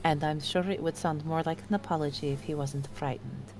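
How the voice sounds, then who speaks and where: A woman playing a tabletop game, speaking gently and soothingly in character. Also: sits low, steady tone, a little fast, loud music behind the voice. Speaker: player. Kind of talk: tabletop game role-play.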